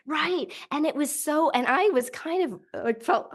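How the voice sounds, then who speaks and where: A woman's voice: fairly high pitch, fast talker, hardly any pauses. A middle-aged woman, a podcast host, chatting casually and acting out voices as she tells a story. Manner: animated storyteller, acts out voices with laughs. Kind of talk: casual chat.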